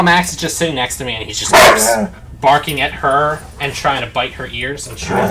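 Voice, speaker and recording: A man's voice: mid-range voice, moderate pace, heavy background noise. A man hosting a let's play, chatting casually at his parents' home in a rambling way full of "like" fillers. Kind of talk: casual gameplay commentary. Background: dogs barking nearby.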